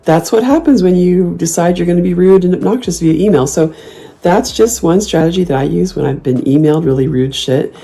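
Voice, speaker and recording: Low, mellow-voiced sassy woman in her fifties. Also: fairly quick, gravelly, husky. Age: 50s. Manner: sassy, blunt, swears freely; playful mocking put-on voices when quoting herself. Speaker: host. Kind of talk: casual talk to camera.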